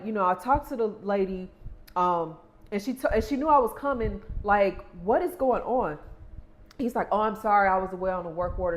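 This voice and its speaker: Chatty woman vlogger telling a story. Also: medium pitch. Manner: animated retelling, acts out quoted exchanges. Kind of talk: casual storytime chat.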